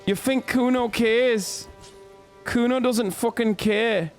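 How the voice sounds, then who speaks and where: A man's voice: very high voice, steady tone, slow pace, faint music behind, voice pushed up. A man doing a cocky, constantly swearing Scouse lad voice while playing a game. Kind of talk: comic put-on voice while gaming.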